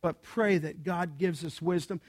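A middle-aged man delivers a sermon from the pulpit in a high-pitched voice. He talks with animation, dropping to quiet asides and then rising to loud, emphatic bursts. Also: a little slow. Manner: animated, swings from soft to loud. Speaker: pastor.

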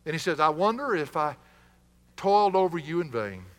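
Man, pastor, impassioned sermon, fairly high voice, long reverb. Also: normal speed. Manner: impassioned, animated preaching with a puppet.

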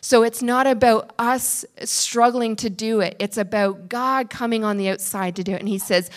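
Woman retreat speaker, sermon, fairly high voice, earnest and emphatic delivery. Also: normal speed, hardly any pauses. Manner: earnest, emphatic, drops to a hush for prayer.

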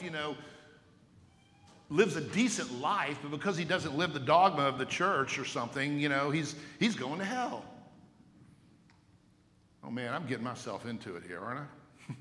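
A man's voice: on the high side, expressive, normal speed, pauses often, sharp tone. A male pastor preaching a sermon emphatically, with rhetorical questions and repeated words. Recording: echoey hall with long reverb.

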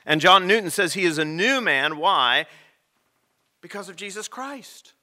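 A man preaching a sermon as rector, telling stories with dramatic pauses. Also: high voice, animated, pushed and bright.

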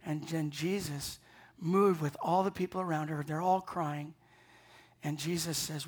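A male pastor delivers an Easter sermon in a slightly high, steady voice with a breathy edge and a somewhat slow pace. He is earnest and emphatic, restarting sentences and repeating words as he builds each point.

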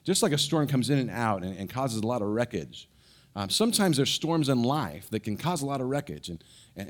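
Animated middle-aged man preaching a sermon. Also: mid-range voice. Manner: animated storyteller with frequent restarts and fillers. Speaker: pastor. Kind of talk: sermon with personal storytelling.

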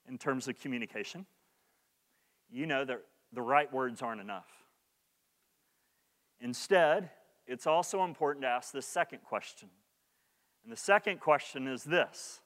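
A man's voice: a little high, fairly bright tone, long reverb tail. A man preaching a sermon as pastor, earnest and repeating his key points for emphasis.

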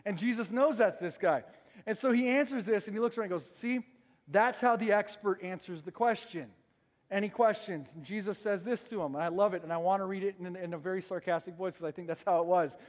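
A man with a high voice preaches to a congregation and acts out the characters with sarcastic voices. His voice carries a long reverb from a large church hall. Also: quick pace. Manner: animated storytelling, acting out sarcastic voices. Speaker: pastor. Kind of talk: sermon.

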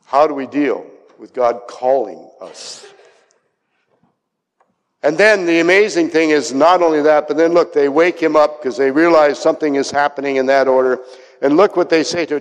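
A male pastor preaching a dramatic sermon, acting out the voices he quotes and dropping to soft asides. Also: fairly high pitch, animated, moderate pace. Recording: long hall reverb.

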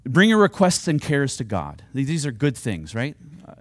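A man's voice: medium pitch, wildly swooping pitch, moderate pace, no echo. A man preaching a sermon, earnest and at times rising to fervent, pleading appeals. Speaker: pastor.

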